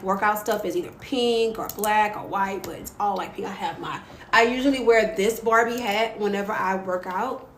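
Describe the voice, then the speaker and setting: A playful woman chats on a livestream, laughing often and swooping up into squeals when something thrills her. Her voice sits mid-range and sounds roomy, with faint ambient noise behind it. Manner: expressive, swoops into high squeals when excited. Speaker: livestream host. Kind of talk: casual livestream chat. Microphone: phone mic.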